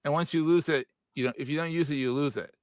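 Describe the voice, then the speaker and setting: A man's voice: a little high, quick pace, no room sound. A man in his forties hosting a podcast interview in a joking, casual way, laughing often. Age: 40s. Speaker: podcast host.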